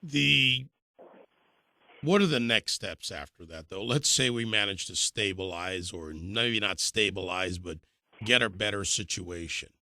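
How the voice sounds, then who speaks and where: Man, radio host, blunt questions, bright forceful voice, low pitch. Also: a little slow, dry recording. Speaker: radio talk show host. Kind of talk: radio interview.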